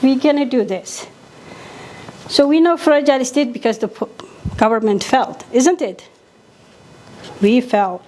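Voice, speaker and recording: A middle-aged woman from Somalia speaks English in a fairly high voice. She delivers an emphatic conference talk as a physician, hammering home her points by repeating them. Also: measured pace, pauses often, warm tone, a little hiss or hum. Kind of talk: impassioned conference speech.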